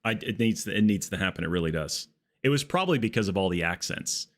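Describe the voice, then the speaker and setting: A man live-streaming a game, chatting casually in an excitable, joking, rambling way. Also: fairly low pitch, fast talker.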